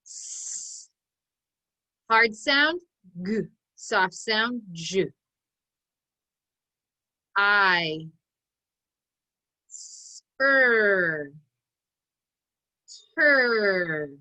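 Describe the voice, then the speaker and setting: A woman teaching an online phonics lesson, calling out sounds and blending words slowly and deliberately for children to repeat. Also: mid-range voice, expressive, pushed and bright, rough recording. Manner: slow, deliberate drill calls, sounding out each part.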